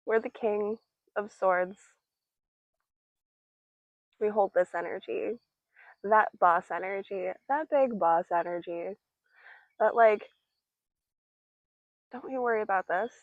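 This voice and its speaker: A woman's voice: mid-range voice, slow pace, long pauses, no echo, narrow, tinny audio. A young woman giving a casual tarot reading, chatty and playful, with many fillers and giggles. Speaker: tarot reader.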